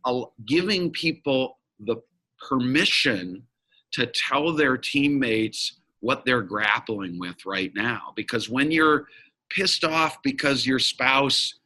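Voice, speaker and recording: Forceful, frank male interview guest. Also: mid-range voice, animated, slow pace, poor audio. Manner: emphatic, frank, blunt with occasional swearing. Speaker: guest, business coach and facilitator. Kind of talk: candid interview conversation.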